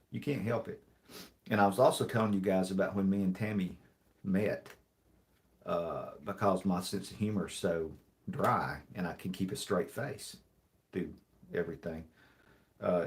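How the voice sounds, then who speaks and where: A man hosting a live stream, reading jokes aloud in a dry, deadpan way and rambling with many restarts and apologies. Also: low-pitched, normal speed. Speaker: livestream host. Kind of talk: casual livestream chat, reading jokes aloud.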